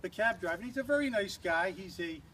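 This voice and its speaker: A man's voice: high-pitched, lively intonation, fast, bright, forceful tone, a little hiss or hum. An older man giving a humorous toast at an engagement party, a rambling, teasing storyteller who restarts often.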